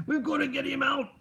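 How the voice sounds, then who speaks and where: A man doing a put-on Scottish accent as a grumpy, gravelly groundskeeper with an angry inflection. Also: extremely high pitch, a bit bright, a little hiss or hum, voice pushed up, full character voice.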